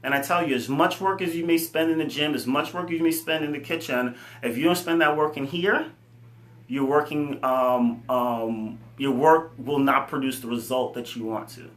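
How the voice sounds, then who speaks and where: A man running a fitness company, giving an earnest, animated motivational talk full of fillers. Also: medium pitch, normal speed. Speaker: fitness company CEO and coach. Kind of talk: casual motivational talk to camera. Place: room with his computer. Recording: echoey room.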